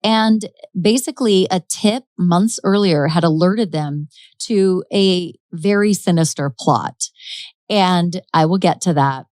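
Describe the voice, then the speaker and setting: She's a podcast host walking listeners through a true-crime case, casual and theatrical, breaking into laughter frequently. Her pitch is fairly low, her delivery slow and a little mellow, and the recording is dry.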